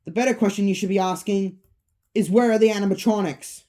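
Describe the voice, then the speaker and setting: A woman voicing a frightened young woman who delivers grave, drawn-out warnings. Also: medium pitch, fairly even intonation, warm tone, voice pushed up, lightly acted. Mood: urgent.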